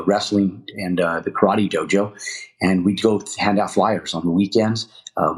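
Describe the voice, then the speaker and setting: A middle-aged man, a real estate developer, telling his story in a podcast interview, rambling with many fillers and restarts. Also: deep voice.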